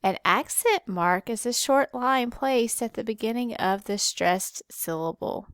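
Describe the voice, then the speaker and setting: A woman teaching a spelling lesson, who spells words out letter by letter slowly and patiently. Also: mid-range voice, smooth, dry recording, studio quality. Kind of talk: slow, careful spelling lesson.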